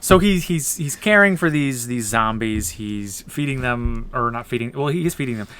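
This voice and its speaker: A man's voice: mid-range voice, expressive, normal speed, a bit bright, clear, resonant tone. A man co-hosting a casual film review podcast, rambling through scenes with many restarts. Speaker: podcast co-host.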